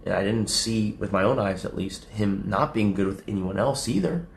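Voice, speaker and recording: A young adult man streaming casually to his chat, profane and rambling, laughing often and acting out quotes in a high mocking voice. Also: normal speed, creaky, echoey room, slight background noise. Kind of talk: casual livestream talk to chat.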